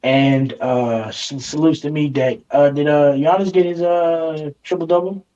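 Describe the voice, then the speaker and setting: A man co-hosting a casual sports debate, argumentative and teasing, a little hoarse from arguing. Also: on the high side, steady tone, a little slow, mellow, highs cut off. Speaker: show co-host.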